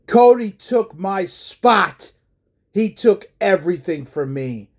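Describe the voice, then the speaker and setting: A man voicing a bitter male wrestling boss who rants and raises his voice to shouts. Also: high-pitched, expressive, slow, full character voice. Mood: bitter ranting. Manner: ranting, raising voice to shouts.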